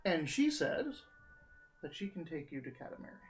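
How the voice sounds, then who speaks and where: A man running a live tabletop game as game master, describing scenes and often pausing on "uh" while he recalls names. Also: fairly high pitch, very animated, faint music behind, poor audio.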